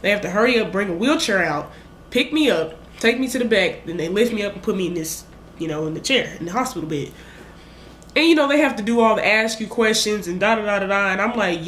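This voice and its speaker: This young woman vlogger talks quickly in a mid-range voice, giving an animated, meandering retelling in which she acts out her own quotes. The echoey recording carries a little hiss or hum.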